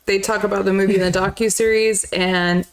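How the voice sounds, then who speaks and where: A woman co-hosting a casual movie chat show, adding quick, chatty asides and facts. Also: medium pitch, fairly even intonation, a little hiss or hum, rough recording. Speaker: podcast co-host.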